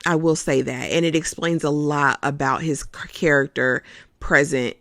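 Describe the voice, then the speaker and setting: A host giving a casual, expressive recap of a TV episode, calling listeners "honey" as they go. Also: mid-range voice, moderate pace, no room sound, studio quality.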